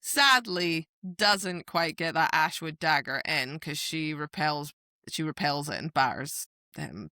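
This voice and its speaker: A woman's voice: low voice, animated, unhurried, bright, forceful tone, dry recording, studio quality. A woman, co-hosting a casual book chat podcast, retelling scenes animatedly with voiced quotes. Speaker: podcast co-host.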